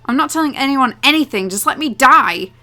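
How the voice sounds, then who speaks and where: Self-loathing young man, woman reading, quiet, resigned, evasive, bright tone. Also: high-pitched, animated, brisk, soft background music, voice pushed up. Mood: defiant. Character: guilt-ridden young man who wants to die.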